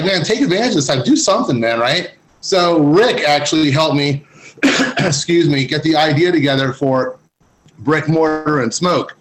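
A man's voice: high voice, fairly bright tone, rough recording. A middle-aged man, a guest cigar writer, chatting in a laid-back, slangy way and saying "man" often. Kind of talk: casual podcast chat.

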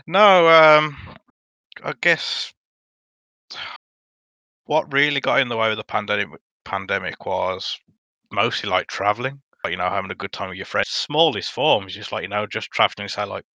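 A man as a podcast guest in casual chat, earnest and halting, full of fillers and restarts. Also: lowish voice, bright, forceful tone, dry recording.

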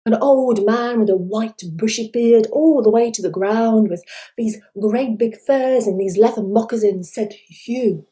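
A woman storyteller reads a folk tale aloud, soft and dramatic. Her voice is mellow and a little high, and she lingers over every phrase at a very slow pace. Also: poor audio. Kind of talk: storybook narration.

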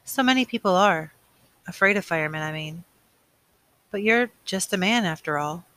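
A man reading the lines of a curious, dreamy teenage girl from a novel, in a soft, wondering way. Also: high voice, moderate pace, clear, resonant tone, no echo. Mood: musing.

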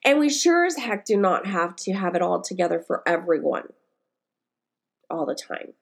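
A woman's voice: lowish voice, sing-song, normal speed, vocal fry. A woman in her forties hosting her own podcast, telling personal stories in a rambling, candid way with lots of fillers, close to tears as she talks. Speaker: podcast host and life coach. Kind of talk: casual solo podcast monologue.

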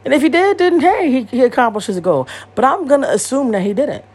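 Her voice is high-pitched and a little mellow, with a breathy edge, lively intonation, and a fairly quick pace. The speaker, a woman in her thirties, hosts a podcast and delivers a casual monologue that's blunt, profane, rambling, and repetitive.

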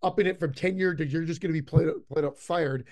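A man co-hosting a podcast in casual film talk, enthusiastic and halting as he retells favorite jokes. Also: fairly high pitch, a little mellow. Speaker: podcast co-host. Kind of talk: casual movie review chat.

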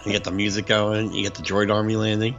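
A man's voice: on the low side, level tone, fast talker, a bit bright. A man in casual chat who talks animatedly and breaks into mock voices. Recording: dull lo-fi recording with faint music.

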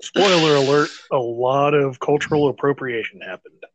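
A man's voice: mid-range voice, normal speed, background noise. A man co-hosting a casual gaming podcast, laid-back with dry quips and short replies. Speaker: podcast co-host. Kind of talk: casual chat while playing a video game.

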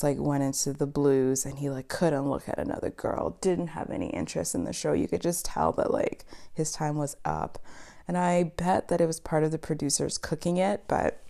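A young woman from East Africa chats through a TV recap in a low, gravelly voice. She is talkative and animated, laughing often and filling pauses with ums. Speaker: podcast host. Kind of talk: casual chatty TV recap monologue.

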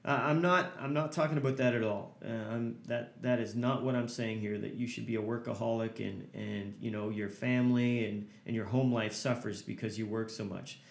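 A man's voice: medium pitch, fairly even intonation, normal speed, gravelly, hardly any pauses, reverberant. A man hosting a motivational podcast as a hockey coach, talking earnestly and hammering points home with repeated lists.

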